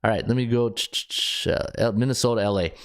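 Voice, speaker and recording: A man's voice: lowish voice, fairly even intonation, quick pace. A man hosting a sports betting podcast, thinking aloud as he checks stats, with frequent restarts and filler words. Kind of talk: casual solo analysis.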